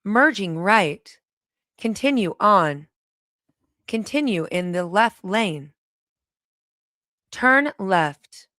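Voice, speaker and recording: A calm, robotic female navigation voice, put on by a woman, reads each direction slowly and flatly. The tone is smooth and clean, and the recording is close and dry with no room sound. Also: mid-range voice, no echo, heavily acted. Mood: calm, measured. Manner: slow, flat, measured announcements.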